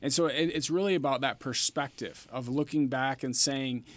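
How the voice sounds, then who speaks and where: A man's voice: medium pitch, normal speed. A man hosting a talk show, speaking earnestly and thoughtfully, with many fillers. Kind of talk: reflective talk-show chat.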